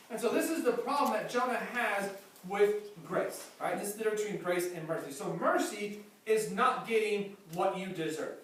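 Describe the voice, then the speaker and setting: High-voiced preacher in an echoey hall. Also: male voice, normal speed. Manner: animated, acts out quotes with humor. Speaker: pastor. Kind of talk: sermon. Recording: distant mic, very echoey hall, faint noise.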